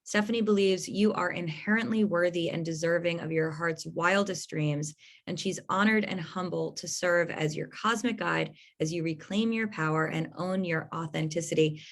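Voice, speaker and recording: A young adult woman hosting an astrology podcast in an effusive, casual chat, laughing often. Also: on the low side.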